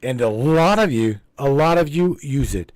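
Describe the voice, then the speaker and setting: A man's voice: mid-range voice, lively intonation, normal speed, darkish tone, no room sound. A man hosting a spiritual livestream, talking casually to his live chat in a rambling, repetitive, emphatic way and swearing freely. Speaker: host of a spiritual livestream broadcast.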